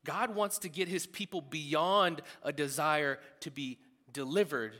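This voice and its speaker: A man preaching a sermon in a conversational, animated way, with quick asides. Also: on the high side. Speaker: pastor. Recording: long hall reverb.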